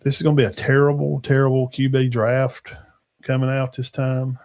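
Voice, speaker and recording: A man's voice: medium pitch, level tone, normal speed, a little mellow. A man, hosting a casual football talk show in a rambling, folksy way that trails off into mumbles. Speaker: sports talk show host.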